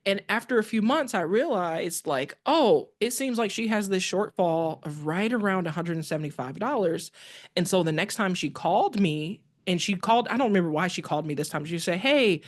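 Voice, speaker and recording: A woman guest on a podcast, recounting a personal story in a lively way and acting out the dialogue she remembers. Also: fairly low pitch, fairly quick.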